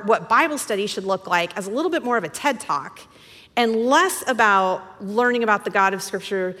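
A woman's voice: medium pitch, a bit bright, in a large hall. A woman teaching a women's Bible study in a chatty, enthusiastic way, often correcting herself mid-sentence. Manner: conversational, self-correcting, enthusiastic.

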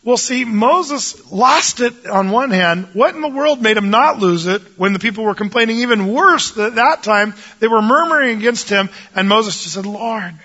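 A man's voice: sits high, expressive, normal speed, few pauses, bright, forceful tone, lo-fi sound. A man teaching the Bible in a casual, jokey way, acting out the voices of biblical figures.

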